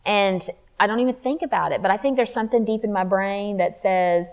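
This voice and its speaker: A woman telling her faith testimony in a candid, animated way, acting out what people said. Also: medium pitch, fairly quick, low-quality recording. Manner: candid, animated, acts out quotes. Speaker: speaker sharing testimony.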